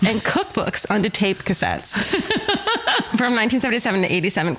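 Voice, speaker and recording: A woman co-hosting a podcast, telling stories in casual chat, laughing and swearing freely. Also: mid-range voice. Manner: swearing, laughing, animated storyteller. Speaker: podcast co-host.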